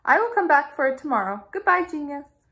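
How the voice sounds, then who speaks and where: A woman voicing a gushing, admiring female circle shape in a children's story, with a high, lilting voice. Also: very animated, a little fast, full character voice. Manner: bright, effusive, high and lilting.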